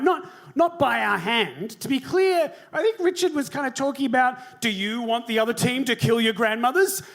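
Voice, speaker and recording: A man's voice: high-pitched, a bit bright. A man giving a comedy debate speech in a mock-earnest, hesitant, ironic manner.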